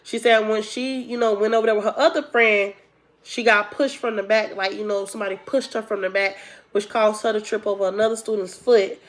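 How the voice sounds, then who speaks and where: A young woman recounts a personal story in a relaxed, conversational way. She talks straight to her viewers, calls them y'all, and acts out what people said along the way. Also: mid-range voice, a little fast. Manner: chatty, addresses viewers as y'all, acts out quotes. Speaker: storytime vlogger. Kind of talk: casual storytelling to camera.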